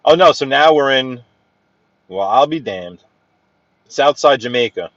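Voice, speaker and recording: A man's voice: mid-range voice, expressive, unhurried, no echo, dull audio. Chatty New York man driving. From Brooklyn, New York. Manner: chatty, rambling, greets viewers by name. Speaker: livestream driving host. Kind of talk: casual live-stream chat while driving. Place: inside a car in city traffic.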